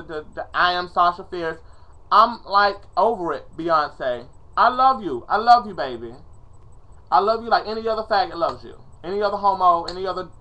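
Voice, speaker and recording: A man's voice: high-pitched, sharp tone, highs cut off. A man ranting in a casual vlog, dramatic and profane, pleading in exasperation, recorded on a webcam at home. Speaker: vlogger. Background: faint music playing.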